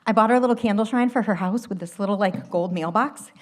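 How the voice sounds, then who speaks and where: A woman telling a funny personal story live on a theater stage, animated and laughing at her own lines. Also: medium pitch, quick pace.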